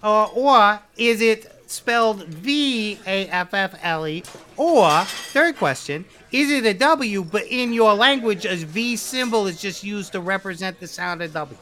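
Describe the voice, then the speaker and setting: A woman's voice: medium pitch, expressive, a little slow, a bit bright. A woman voicing a goofy, rambling male Wolf Man who puts on a mock Cockney-hillbilly accent in a comedy improv. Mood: nitpicking. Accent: mock Cockney-hillbilly blend. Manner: goofy, rambling, self-satisfied.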